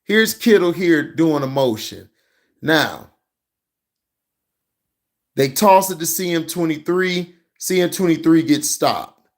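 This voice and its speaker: Man with a higher voice, slow deliberate delivery, fired-up profane football rant. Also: animated. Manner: heated, profane, mocking. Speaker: sports commentary vlogger. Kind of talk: ranting football reaction commentary.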